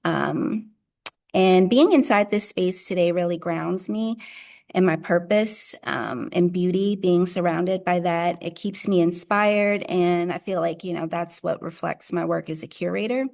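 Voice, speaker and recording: Southern woman curator, gravelly, lowish voice, easygoing panel talk over video call. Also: measured pace, a little mellow. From Jackson, Mississippi. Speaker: museum curator. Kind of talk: panel discussion remarks. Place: seated in an art gallery.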